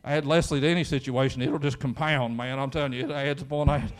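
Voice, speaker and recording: A pastor with a Kentucky accent preaches in church, starting conversationally and rising into fervent emphasis. His mid-range voice moves fast with fairly even intonation.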